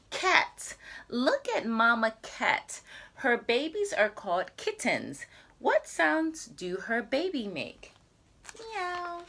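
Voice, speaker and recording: Bright, lively woman reading aloud. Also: a little high. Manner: slow, clear, sing-song and lively for small children. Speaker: English teacher reading to children. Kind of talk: picture-book read-aloud for young learners.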